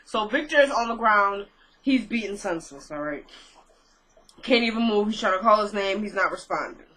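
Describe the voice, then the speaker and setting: A woman's voice: mid-range voice, expressive, normal speed, sharp tone, low-quality recording. A woman casually recapping a TV episode, chatty and full of fillers. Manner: chatty retelling, filler-heavy, laughs at own asides. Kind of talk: casual chat.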